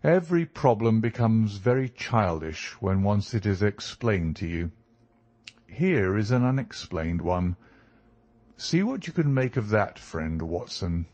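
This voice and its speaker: Brief: cool, superior detective lecturing precisely, low and very slow, read by a man. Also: very animated, darkish tone, no room sound.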